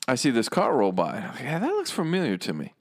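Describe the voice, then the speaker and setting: A man co-hosting a casual podcast, easygoing and agreeable, telling a dating story in relaxed chat. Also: medium pitch, fairly quick, slightly rough, no echo, clean studio sound. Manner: laid-back, agreeable, lots of short backchannel replies. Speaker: podcast co-host.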